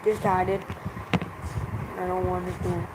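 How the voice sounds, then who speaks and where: A teacher giving a grammar revision lesson, explaining slowly and in measured steps with many pauses. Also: medium pitch, level tone, heavy background noise.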